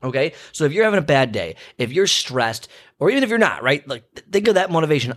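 A man's voice: fairly high pitch, sing-song, fast, a bit bright. Chatty man giving fitness motivation. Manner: chatty, repeats himself, many fillers and restarts. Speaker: personal trainer. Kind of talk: casual motivational talk to camera.

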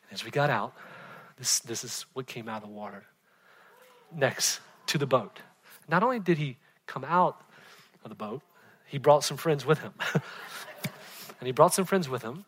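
A man in his forties preaching a sermon in a chatty, storytelling way, often asking "right?" and laughing, swinging between loud excited bursts and hushed moments. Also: mid-range voice, normal speed, pauses often, husky. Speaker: pastor.

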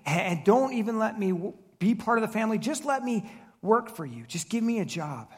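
A man's voice: high-pitched, lively intonation, breathy edge, voice pushed up. A man voicing a fretful young man in shame. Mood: pleading. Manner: fretful, rapid worried questions. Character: anxious young man returning home in shame.

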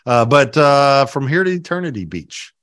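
A man co-hosting a podcast, wry and teasing in casual chat, halting with fillers. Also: medium pitch, big pitch swings, a bit bright, no echo, clean studio sound. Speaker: podcast co-host.

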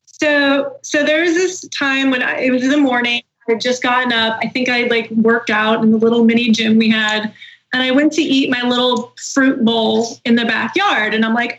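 A woman's voice: fairly high pitch, normal speed, highs cut off, slight background noise. A woman guest on a podcast telling a story animatedly, acting out what she said and swearing freely. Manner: animated, swears, acts out quotes. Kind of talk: casual storytelling.

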